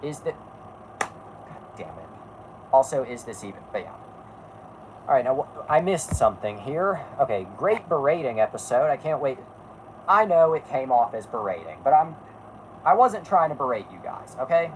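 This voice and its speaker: A woman's voice: a bass voice, big pitch swings, moderate pace, pauses often, a little hiss or hum, rough recording. A woman hosting a casual podcast, talking bluntly and rambling, stopping to correct herself and swearing freely. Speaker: podcast host. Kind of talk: casual chat.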